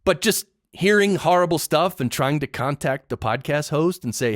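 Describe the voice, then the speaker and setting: A man's voice: fairly high pitch, animated, moderate pace, no room sound, studio quality. Opinionated man ranting on a podcast. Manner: opinionated, emphatic ranting with repetitions. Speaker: podcast host. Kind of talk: casual solo podcast monologue.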